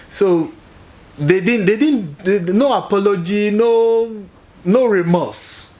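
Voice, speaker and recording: A Nigerian man with a Nigerian accent, a guest telling his own story in an animated way and often repeating himself. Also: sits high, takes it slowly.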